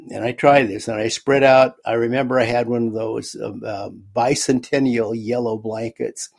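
Raspy guy being interviewed, kinda rough and breathy, tells his story with lots of little restarts. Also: mid-range voice, darkish tone. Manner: halting, repeats words while recounting. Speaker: guest author.

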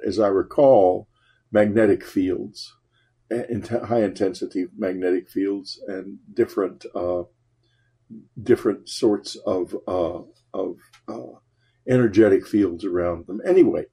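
An older man telling a personal story in a rambling, halting way, with wry laughs. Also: on the low side, dark tone, breathy edge. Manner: rambling, halting with many restarts and fillers; wry, laughs while recalling.

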